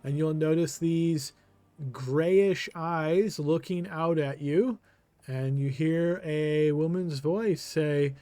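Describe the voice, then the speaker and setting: A man's voice: on the high side, slow pace, dark tone, dry recording, faint music behind. A man narrating a tabletop game as game master, easygoing and full of filler words.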